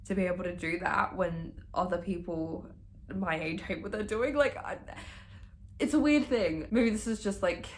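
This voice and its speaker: A woman's voice: on the low side, moderate pace. Gushing young woman vlogger. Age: young adult. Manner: gushing, chatty, swears freely. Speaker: book vlogger. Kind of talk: casual reading vlog chat.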